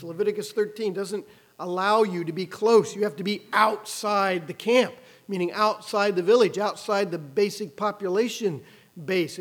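A man preaching a sermon, expressive, raising his voice when quoting the cries of the people in the story. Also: high-pitched. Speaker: pastor.

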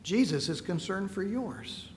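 A man preaching a sermon, reading scripture aloud and slowing to stress key words. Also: sits high, sing-song, long reverb tail, a little hiss or hum.

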